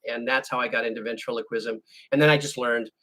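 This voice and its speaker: A man's voice: mid-range voice, fairly even intonation, quick pace, pushed and bright. A man hosting a music channel, chatting casually with viewers and telling a rambling story that he keeps restarting and correcting. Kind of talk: casual chat answering viewer questions.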